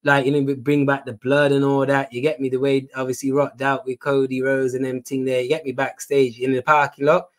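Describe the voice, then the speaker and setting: A man with a British accent hosting a casual podcast chat, excited and slangy, often asking "you get me". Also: mid-range voice, brisk, hardly any pauses. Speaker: podcast host.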